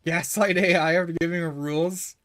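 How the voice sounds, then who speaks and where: Rambling, excitable male gaming streamer. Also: fairly high pitch, a little fast, soft background music. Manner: rambling, excitable, many restarts and laughs. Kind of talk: casual livestream chat while gaming.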